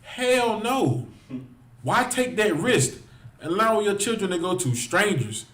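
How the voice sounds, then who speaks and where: A man's voice: high-pitched, animated, unhurried, a bit bright, echoey room. A man preaching in heated street style, firing rhetorical questions and stretching out "man". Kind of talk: impassioned religious street talk.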